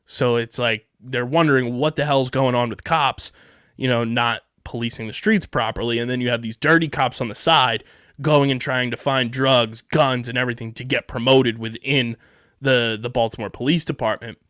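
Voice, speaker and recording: A man's voice: medium pitch, steady tone, normal speed, fairly bright tone, no echo, clean studio sound. A man from the Philadelphia area co-hosting a podcast, talking about a TV show in a casual, rambling way with lots of fillers and restarts. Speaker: podcast co-host. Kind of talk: casual show review chat.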